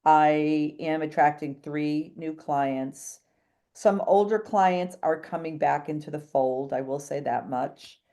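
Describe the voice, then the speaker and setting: A woman's voice: low voice, slow, mellow. A woman, a real estate agent telling a long story as a podcast guest, chatty and jumping between thoughts while acting out quoted dialogue. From New England. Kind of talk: animated storytelling in a podcast interview.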